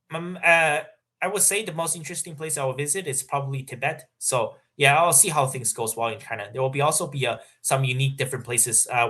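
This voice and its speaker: A young man hosts a casual livestream, reading super chats and answering them off the cuff. His voice is mid-pitched, and his talk is halting, full of fillers and restarts. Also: pushed and bright. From Canada. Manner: halting, many fillers and restarts, laughs often. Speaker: livestream host.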